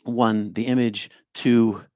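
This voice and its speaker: An older man leading a livestreamed meditation and spiritual talk, speaking slowly and deliberately with emphatic stresses and quiet, hushed stretches. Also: mid-range voice, fairly even intonation, dry recording, studio quality. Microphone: home streaming microphone.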